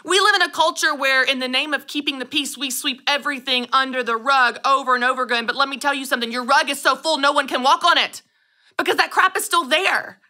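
A woman in her thirties hosting a solo podcast, telling personal stories with animated delivery and acting out quoted lines. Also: high voice, fast. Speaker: podcast host. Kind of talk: scripted solo podcast monologue.

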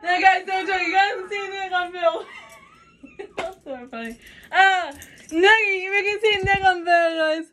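A woman vlogging to her phone in a giggly, excitable way, calling out to her viewers over and over. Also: very high voice, unhurried, distant mic. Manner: giggly, excitable, keeps saying "you guys". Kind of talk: casual phone vlog. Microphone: phone set down nearby.

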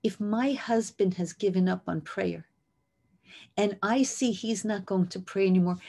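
A woman's voice: medium pitch, mellow. A woman voicing a grieving childless woman from scripture, speaking with earnest, heartfelt pleading.

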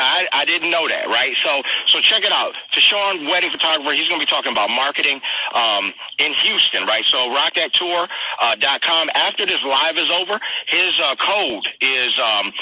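Husky hype guy hosting a live video call, bright voice, dry sound. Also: mid-range voice, dry recording, low-quality recording. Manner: energetic, repetitive, slangy hype talk. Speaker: host of a live stream. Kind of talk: hyped casual live interview.

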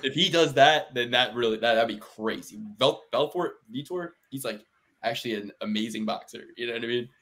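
Male podcast co-host, casual and profane, rambling fight talk. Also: a little fast. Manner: rambling, profane, laughing, lively swings in pitch and volume. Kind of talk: casual fight-betting chat.

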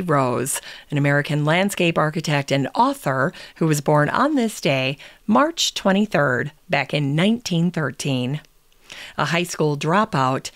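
Slow, low-voiced woman with gravelly tone. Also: no echo. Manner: unhurried, reads quotes aloud. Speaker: podcast host. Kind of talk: scripted podcast narration.

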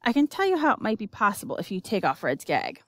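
A woman's voice: mid-range voice, huge pitch swings, quick pace, a bit bright, no echo. A woman voicing an anxious young man. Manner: pleading, anxious. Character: anxious, trapped young male spinner.

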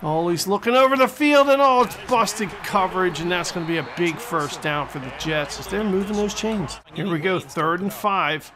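A man giving excitable, jokey play-by-play commentary over a football video game. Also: sits high, normal speed, hardly any pauses, crowd noise. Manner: excitable and jokey, mock-announcer delivery. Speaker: gaming commentator.

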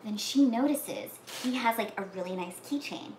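A woman casually retelling a movie plot, talking with lots of "like"s and acting out the characters' lines in whispers and shouts. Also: on the high side, normal speed. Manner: animated, many "like"s, acts out lines in whispers and shouts. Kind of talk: casual chat. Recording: echoey room with faint noise.

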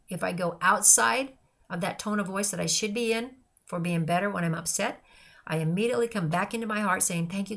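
A woman's voice: medium pitch, creaky, fairly bright tone. An older woman, a grandmother, giving an earnest personal devotional talk in a repetitive, list-like way of speaking. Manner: earnest and repetitive, listing phrases. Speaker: christian speaker.

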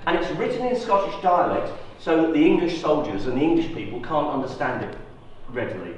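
Male guest lecturer, lively, quizzing the room, faint ambience. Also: a little high, brisk, muffled recording, slight background noise. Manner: lively, rhetorical questions to the audience. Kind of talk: university lecture. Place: lecture hall. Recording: roomy echo, distant mic.

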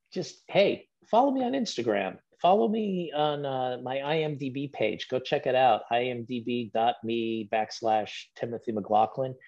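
Relaxed man on a dull, lo-fi line. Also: lowish voice. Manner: relaxed, rambling with fillers and restarts. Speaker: guest actor. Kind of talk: casual podcast chat.

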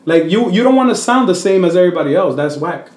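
A Dominican-born comedian with a high voice talks at a quick pace in an echoey room. Guesting in a casual interview, he switches between English and Spanish and animatedly puts on voices to tell his stories.

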